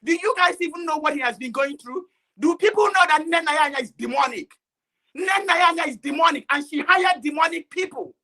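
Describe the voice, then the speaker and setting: A woman's voice: high-pitched, brisk, bright, forceful tone, low-quality recording. An upset woman caller giving an angry, accusatory speech full of rhetorical questions, close to tears. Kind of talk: impassioned call-in speech.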